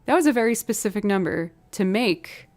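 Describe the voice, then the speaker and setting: A woman's voice: mid-range voice, expressive, fairly quick, darkish tone, soft background music. A young woman musician chatting casually on a live stream, telling stories and thanking viewers for donations. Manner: chatty storytelling, reads out donations.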